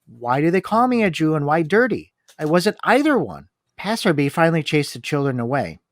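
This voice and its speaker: A man's voice: on the high side, sing-song, a little fast, no echo. A man co-hosting a discussion, reading long book passages aloud and commenting on them. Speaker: podcast co-host.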